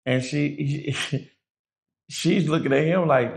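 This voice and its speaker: A man's voice: mid-range voice, measured pace, gravelly. A man telling a prison story in a casual, profane way, acting out the other people's voices. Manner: profane, animated, acts out quoted voices.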